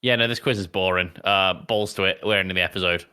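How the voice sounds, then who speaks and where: Bright, forceful man co-hosting. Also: deep voice, steady tone, fast, smooth. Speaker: podcast co-host and editor. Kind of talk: casual banter.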